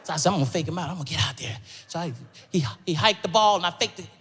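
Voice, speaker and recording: A man doing stand-up comedy on stage, telling a story with animated, yelping jumps in his voice. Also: a little high, very fast. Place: comedy stage before a live audience. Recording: live stage audio with crowd noise.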